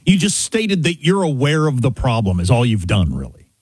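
Wry husky-voiced radio co-host man. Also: mid-range voice, sing-song, normal speed, darkish tone, no room sound. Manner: wry, joking, talks over his partner. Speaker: radio talk show co-host. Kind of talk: casual banter.

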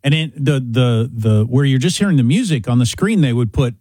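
A man's voice: medium pitch, lively intonation, brisk, warm tone, slightly rough, no room sound. A man co-hosting a talk radio show, giving blunt opinions in casual banter. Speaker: radio co-host.

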